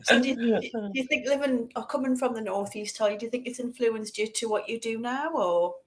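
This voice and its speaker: A woman's voice: on the high side, a little fast. A woman hosting an interview podcast, asking questions and giving brief encouraging replies. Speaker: podcast host. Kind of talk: casual interview chat.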